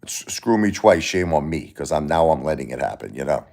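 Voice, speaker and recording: His pitch is extremely low, with vocal fry and a brisk pace. The Brooklyn New York host keeps his livestream casual and animated, reading the chat aloud and slipping into mock-Italian tough-guy phrases.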